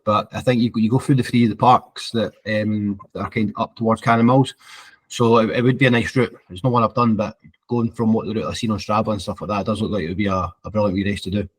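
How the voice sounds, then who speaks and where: A man's voice: fairly low pitch, fairly even intonation, fast talker, slightly rough. A Scottish man co-hosting a running podcast, chatting casually with many fillers. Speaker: podcast co-host. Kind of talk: casual chat.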